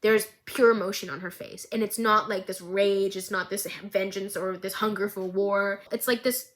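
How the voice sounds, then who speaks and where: A woman recapping an animated series in a dramatic, animated storytelling style. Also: medium pitch, moderate pace. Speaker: recap vlogger.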